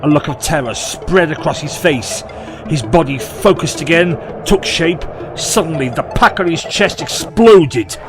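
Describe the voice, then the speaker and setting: A man narrating an audio short story in a measured, expressive way. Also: on the high side, over music.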